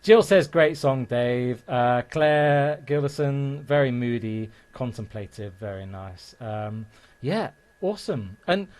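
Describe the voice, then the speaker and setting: A man's voice: mid-range voice, expressive, slow pace, darkish tone. A male host of a live show, reading out viewer comments and bantering with an upbeat manner.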